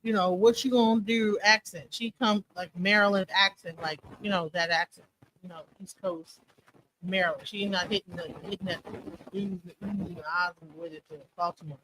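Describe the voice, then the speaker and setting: A woman's voice: lowish voice, fairly even intonation, moderate pace, a bit bright, a little hiss or hum, rough recording. A woman co-hosting a live commentary stream, talking casually and rambling, often checking in with "you know what I'm saying.".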